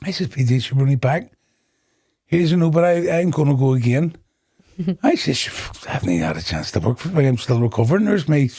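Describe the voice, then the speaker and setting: Gravelly Northern Irish man. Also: mid-range voice, normal speed, pauses often. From Northern Ireland. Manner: animated storyteller acting out dialogue, breaks into laughter. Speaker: guest. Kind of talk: personal testimony in a podcast interview.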